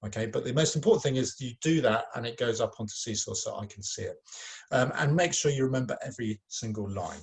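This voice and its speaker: Guy teacher doing a video lesson for kids, relaxed and encouraging, lots of ums, normal pitch. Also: quick pace, creaky. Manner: informal and encouraging, with many ums and uhs. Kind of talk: recorded video lesson for children.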